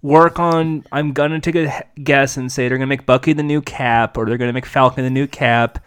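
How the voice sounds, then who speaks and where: A man's voice: mid-range voice, fairly even intonation, fairly quick, smooth. A man in casual chat, joking and sarcastic.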